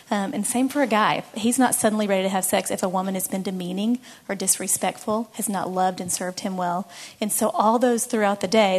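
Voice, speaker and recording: A woman with a mid-range voice co-leads a church talk. She sets out her points in a plain, practical way. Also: mid-range voice. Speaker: co-speaker.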